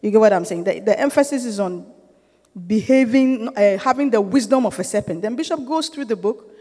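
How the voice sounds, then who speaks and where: A middle-aged woman with a fairly high voice leads a church group in an informal sermon-style teaching. She talks conversationally, often checking that her listeners follow, and presses her points with growing urgency. Her voice rings out with the long reverb of a large hall. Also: animated, a little fast, mellow. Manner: grows emphatic and urging.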